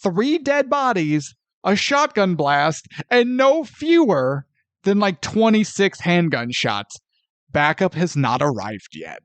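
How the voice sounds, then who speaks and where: A man's voice: high voice, big pitch swings, takes it slowly, no room sound. A man co-hosting a podcast, chatting casually about a movie and acting out scenes with sound effects and quoted lines. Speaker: podcast co-host. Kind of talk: casual movie review chat.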